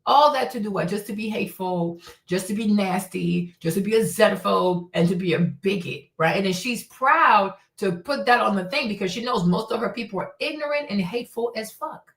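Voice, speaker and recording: A woman's voice: medium pitch, lively intonation, normal speed, creaky, hardly any pauses, fairly bright tone, far from the mic. A woman streaming live, commenting in a blunt, indignant, profane way and firing off rhetorical questions. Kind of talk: livestream commentary. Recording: echoey room.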